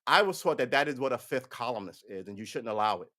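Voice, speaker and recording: A man's voice: medium pitch, expressive, quick pace, sharp tone. A man giving casual, profane political commentary on a livestream, ranting and slipping into mocking voices.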